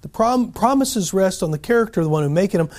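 Preacher guy, pretty high voice for a man, folksy, keeps repeating himself and restarting. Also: lively intonation, fast, darkish tone. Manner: folksy, repetitive, frequent restarts. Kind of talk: sermon.

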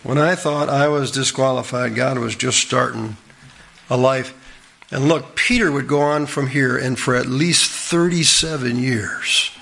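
A man's voice: medium pitch, gravelly, a bit bright, slightly rough. A middle-aged man preaching a sermon in a folksy, earnest way, often asking the listeners questions.

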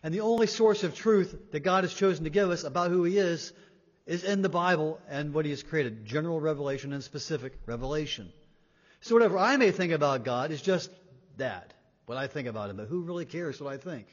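A man's voice: a little high, animated, brisk. Emphatic male preacher in a hall. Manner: emphatic, rising and falling in loudness, repeats words for weight. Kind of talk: sermon. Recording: dull sound in a reverberant hall.

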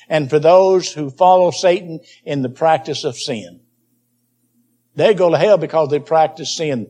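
A man's voice: on the high side, a little mellow. A man preaching a Bible teaching sermon, emphatic and repeating key phrases for stress.

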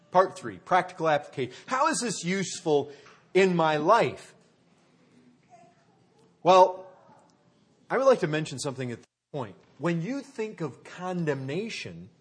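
A man with a somewhat high-pitched voice delivers a sermon in a plain, conversational manner. He poses rhetorical questions and addresses his listeners as folks. He often drops to a low, quiet voice to drive a point home. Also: sing-song, a little slow, long pauses. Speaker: pastor.

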